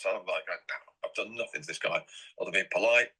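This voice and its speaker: A man's voice: low voice, fast talker, pushed and bright, breathy edge, rough recording. A middle-aged man from England, rambling and repeating himself as an interview guest. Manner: rambling and repetitive.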